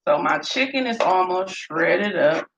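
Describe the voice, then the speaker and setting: A woman, chatting in a casual cooking vlog and telling lively stories while she cooks in her home kitchen. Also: fairly low pitch, a little slow, vocal fry, muffled recording. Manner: storytelling, animated, laughs often. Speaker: home cook vlogger. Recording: echoey room with faint noise.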